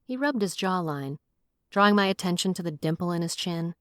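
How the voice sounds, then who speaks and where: Audiobook narrator: woman, wry and expressive, lowish voice, dry booth sound. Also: fairly quick, dry recording. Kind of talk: scripted first-person audiobook narration.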